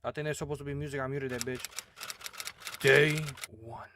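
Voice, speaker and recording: A man's voice: medium pitch, steady tone, normal speed, background noise. Crude mumbling gamer guy. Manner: crude, joking, often mumbled and quiet asides. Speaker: gaming streamer. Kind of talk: casual game commentary.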